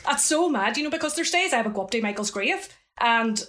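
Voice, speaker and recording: A middle-aged woman with a Northern Irish accent and a somewhat high voice tells stories in a chatty, lively way. She keeps dropping in asides as she goes. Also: a little fast. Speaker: interview guest. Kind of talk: casual storytelling.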